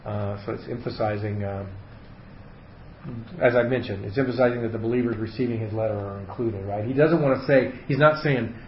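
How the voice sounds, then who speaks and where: A man leading a casual Bible study lesson, explaining slowly and thinking aloud with fillers and restarts. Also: on the low side. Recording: echoey room, dull sound, faint hiss.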